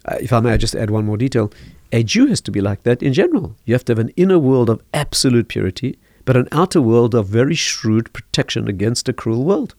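An older man, a rabbi, explaining parenting calmly in a podcast interview and telling stories. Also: medium pitch, dry recording, clean studio sound. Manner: measured, storytelling, chuckles at own anecdotes. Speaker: rabbi, guest teacher.

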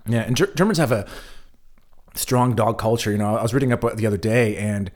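A man with a somewhat low voice, co-hosting a casual podcast. He talks in an easygoing way and slips into the voices of the people in his stories as he tells them. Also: brisk. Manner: animated storyteller acting out quoted exchanges. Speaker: podcast co-host. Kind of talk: casual chat.

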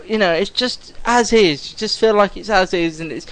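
A man's voice: high-pitched, normal speed, a bit bright, dry recording, low-quality recording. A man co-hosting a casual chat, enthusiastic and rambling with restarts. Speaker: podcast co-host.

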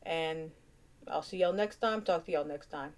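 A woman's voice: low voice, normal speed. A woman with a Cajun accent hosting her own casual vlog, chatting through her picks in a playful, muttering way. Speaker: vlog host.

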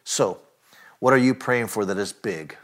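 A man preaching a sermon, earnest and emphatic, often asking his listeners direct questions and filling pauses with "uh" and "you know". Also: fairly low pitch. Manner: earnest preaching with rising emphatic lines and frequent fillers. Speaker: pastor.

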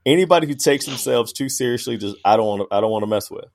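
A man co-hosting a podcast in casual debate chat, emphatic and animated, laughing as he argues. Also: mid-range voice, very fast. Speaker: podcast co-host.

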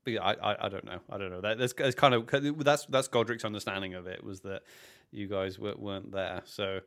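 A man's voice: fairly low pitch, fairly quick. A British man co-hosting a podcast, telling game stories in casual chat and acting out what others said. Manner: animated storytelling, acts out quoted characters, frequent restarts. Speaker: podcast co-host. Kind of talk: casual chat recapping a live-action role-play event.

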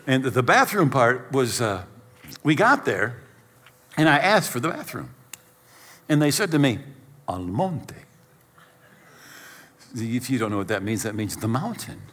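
A man's voice: medium pitch, a little slow, long pauses, big-room sound. A middle-aged male pastor telling a humorous personal story in a sermon, acting out scenes and poking fun at himself. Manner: animated, self-deprecating storyteller acting out scenes.

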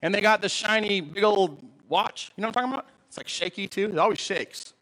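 A man, a pastor, preaching a sermon in an animated, joking way and often asking the audience questions. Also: high-pitched, a little fast, rough recording.

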